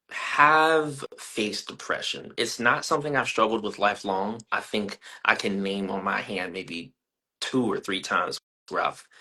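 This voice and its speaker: A young man, an artist being interviewed, giving earnest, thoughtful answers that turn animated when he tells stories. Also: lowish voice.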